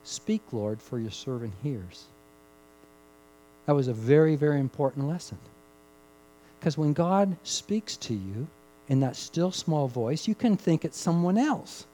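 A male pastor delivers a sermon in a warm, mellow voice that sits a little high for a man. He climbs to loud, emphatic peaks, then drops to a hushed, slowed delivery, repeating key phrases to drive them home. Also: expressive, low-quality recording.

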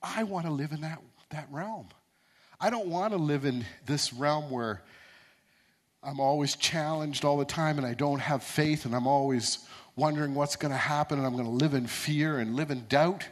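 A man's voice: a little high, moderate pace. A man preaching a sermon, earnest and repetitive, building to emphatic peaks.

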